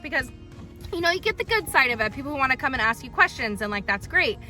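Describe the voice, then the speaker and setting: A woman's voice: high-pitched, lively intonation, fast talker, bright, forceful tone, faint music behind. A woman dog trainer in a casual vlog, chatting and retelling stories with lots of ums.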